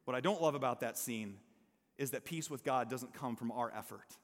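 A man's voice: mid-range voice, moderate pace. A male pastor preaching a conversational sermon to his congregation, mixing humor with earnest emphasis and checking in with "okay?" and "amen?". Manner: lively storyteller who mixes humor with earnest emphasis. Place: church service before a congregation. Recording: long hall reverb.

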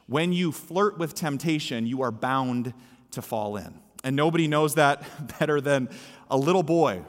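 A man's voice: fairly high pitch, lively intonation, moderate pace, a bit bright. A male pastor giving a sermon in a church, preaching with emphasis and repeating his key lines. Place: church sanctuary. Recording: echoey hall with long reverb.

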